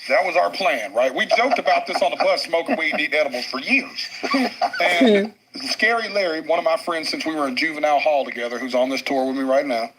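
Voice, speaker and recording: A man telling a story on a podcast, excitable and crude, laughing often. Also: on the high side, a little fast, a little hiss or hum, rough recording. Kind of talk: animated storytelling.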